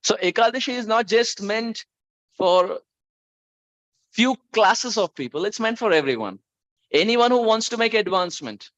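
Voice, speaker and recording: A man preaching a storytelling sermon, animated and repeating lines for emphasis. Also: high-pitched. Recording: dull, dry lo-fi sound.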